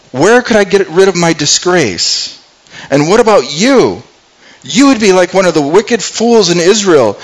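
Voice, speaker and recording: A desperate young woman begs to be spared, as a preacher puts her on. The voice climbs well above the speaker's own register and comes out slow and pleading. It sounds earnest and frightened, like a dramatic scripture retelling. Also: low-quality recording. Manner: pleading, raised pitch.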